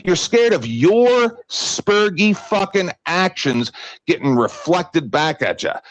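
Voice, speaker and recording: A man's voice: high voice, very animated, takes it slowly, a little hiss or hum, poor audio. Older man in a furious profane rant. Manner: shouting insults, swearing constantly. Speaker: debate panelist.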